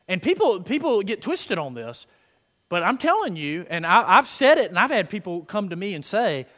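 A middle-aged man preaching a sermon, swinging between soft, murmured prayer lines and loud, emphatic declarations. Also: high-pitched, wildly swooping pitch, normal speed. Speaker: pastor. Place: church sanctuary. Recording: long hall reverb.

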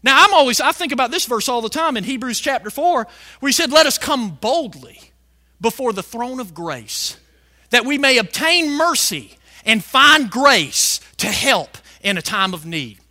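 A male preacher delivering a fiery sermon, shouting some lines and stretching words out slowly for emphasis. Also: very high voice, big pitch swings. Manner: fiery, shouting emphasis with big swings in loudness.

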